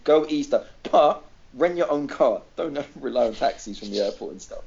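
A man's voice: mid-range voice, moderate pace, muffled recording. A man co-hosting a podcast, telling a funny story in casual chat, acting out voices and laughing often. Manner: animated, acts out quoted voices, laughs often. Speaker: podcast co-host.

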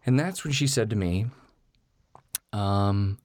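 A man's voice: on the low side, slow, long pauses, darkish tone, no echo. A man telling a candid personal story in a rambling way, full of fillers.

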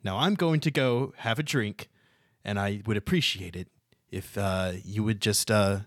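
A man's voice: fairly low pitch, no echo, studio quality, close to an everyday voice. A man voicing a prim, status-minded gnome mother at a fancy party, talking down to people and restarting his sentences often. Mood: condescending. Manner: condescending, halting with many restarts.

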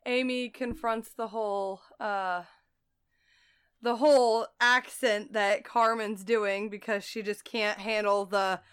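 A woman's voice: mid-range voice, takes it slowly, clear, resonant tone. A woman co-hosting a podcast, recapping a TV show in casual chat, laughing often and swearing freely. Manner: laughing, profane, animated retelling. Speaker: podcast co-host.

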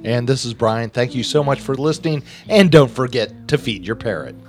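Male podcast co-host, middle pitch, short agreeable interjections. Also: lively intonation, normal speed, a little mellow, faint music behind. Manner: brief agreeing remarks. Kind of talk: casual chat.

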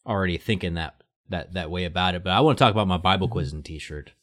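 Chatty low-voiced man hosting. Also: fast. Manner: animated, chatty, rises when quoting. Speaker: host. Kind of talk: casual theological conversation.

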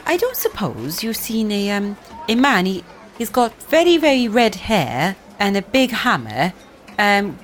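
A woman playing a friendly, chatty adventurer in a tabletop game, rambling politely with many hesitations. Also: medium pitch.

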